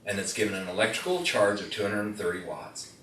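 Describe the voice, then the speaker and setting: Fast and fairly low-pitched, with lively intonation and a bit of brightness, a man tells stories and quizzes the crowd during a live product demo. His manner is that of a folksy storyteller, in an indoor room with an audience, recorded echoey through a distant mic with faint noise.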